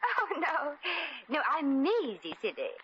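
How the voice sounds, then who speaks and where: A woman's voice: sits high, huge pitch swings, unhurried, a bit bright, slight background noise, heavily acted. An actress voicing a brassy American showgirl who puts on fake upper-class airs and keeps slipping, in 1950s radio comedy acting on a muffled old broadcast. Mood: flustered. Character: brassy American showgirl posing as a posh lady.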